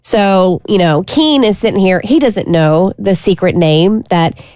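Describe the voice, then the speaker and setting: A woman co-hosting a radio talk show, presenting a segment in a brisk, informative, chatty way. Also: mid-range voice, darkish tone, no echo, studio quality.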